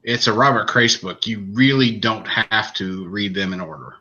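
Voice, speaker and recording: A man with a low voice and a sharp, forward tone recaps a crime novel on a podcast in loose, rambling chat. The recording is muffled and lo-fi. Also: moderate pace. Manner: relaxed, rambling storytelling with restarts. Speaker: podcast co-host reviewing books. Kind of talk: casual chat.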